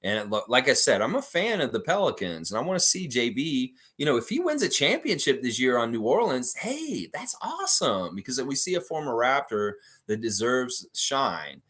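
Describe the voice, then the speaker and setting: Male livestream host with a low voice and lively delivery, chatty, reads out fan comments. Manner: chatty, reads viewer comments aloud and answers them. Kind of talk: casual sports reaction livestream.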